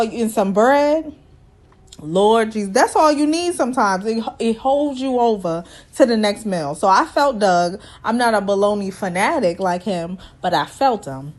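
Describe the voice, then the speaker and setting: Animated woman recapping reality TV. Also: fairly high pitch, moderate pace. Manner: animated, folksy, acts out quotes in funny voices. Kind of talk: casual recap commentary.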